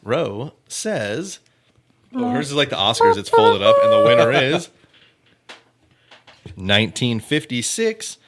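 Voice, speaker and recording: A man's voice: a little high, wildly swooping pitch, takes it slowly, long pauses, noisy background. A man hosting a true-crime comedy podcast, joking casually and laughing often. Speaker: podcast host.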